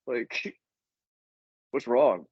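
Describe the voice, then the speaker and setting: A man's voice: medium pitch, lively intonation, very slow, darkish tone, slightly rough, no echo, muffled recording. A man, a podcast guest, telling a rambling, profane story in casual chat and laughing as he goes.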